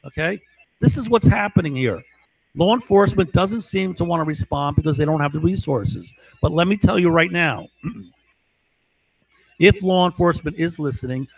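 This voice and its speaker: A man's voice: a little high, moderate pace, vocal fry, husky, dry recording, poor audio. A man talking urgently and emphatically in a rambling monologue to camera, repeating his points. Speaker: vlogger.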